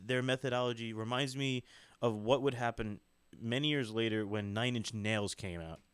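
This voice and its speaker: A man's voice: mid-range voice, normal speed, clear, resonant tone, no echo. A man co-hosting a music podcast, explaining songs in a casual, rambling way with plenty of fillers. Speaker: podcast co-host. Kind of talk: casual chat. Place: home studio in New York City.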